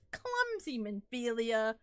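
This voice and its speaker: Playing a game on a live stream, this woman talks playfully to her audience and laughs a lot in casual gaming chat. Her voice is fairly high and a bit bright, captured in clean studio sound with no room tone.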